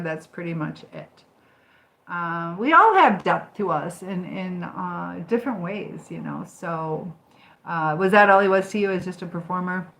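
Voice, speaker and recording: On a casual livestream, an older woman from Michigan talks with viewers and reads their comments, umming often. Her fairly low voice has a slightly bright quality, though the audio is poor.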